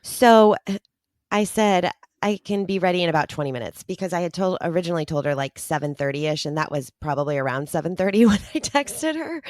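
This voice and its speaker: Rambling female podcast co-host, very low voice, dry close sound, lots of ums. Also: lively intonation, fairly quick, a little mellow, no room sound. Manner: enthusiastic, rambling, frequent ums. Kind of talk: casual chat.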